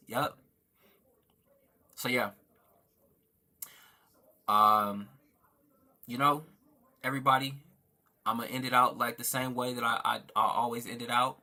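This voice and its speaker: A man's voice: medium pitch, unhurried, long pauses, bright, forceful tone. A man hosting a casual livestream, reading out viewer comments and thanking them in an earnest, preacherly way, talking into a phone. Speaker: livestream host.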